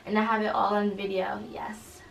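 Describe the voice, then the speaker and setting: A young woman, a college student, recounting an incident in an interview, halting and full of fillers. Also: mid-range voice, flat delivery, vocal fry. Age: young adult. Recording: roomy echo, distant mic, faint noise.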